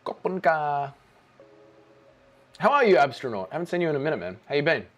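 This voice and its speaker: A man's voice: a little high, sing-song, fairly quick, fairly bright tone, faint music behind. A man hosting a casual watch-along livestream, joking around and reading out chat messages. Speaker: livestream host.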